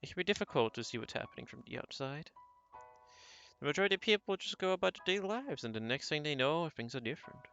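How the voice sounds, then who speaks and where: A man's voice: fairly high pitch, expressive, fast talker, gravelly, pushed and bright, soft background music, full character voice. A man voicing a proud, blunt, money-minded young husband who lectures and complains arrogantly, in a slightly dull lo-fi recording. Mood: musing.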